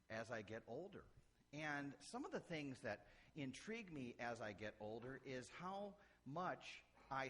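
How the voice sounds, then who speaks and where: A man's voice: mid-range voice, bright, forceful tone, slight background noise. A middle-aged man from Illinois, a pastor preaching a sermon with folksy, humorous stories. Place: church sanctuary. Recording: church hall reverb.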